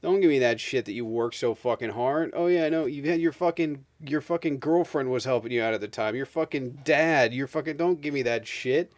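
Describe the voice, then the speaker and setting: A man's voice: mid-range voice, brisk, hardly any pauses, no room sound. A man in his thirties hosting a livestream, ranting emphatically about politics with heavy swearing. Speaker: streamer host. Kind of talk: heated political rant on a livestream.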